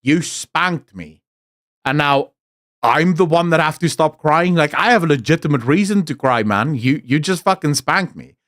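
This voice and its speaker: A man's voice: on the high side, lively intonation, moderate pace, fairly bright tone, no room sound, clean studio sound. A man with a South African accent, a streamer telling blunt, profane stories in casual chat.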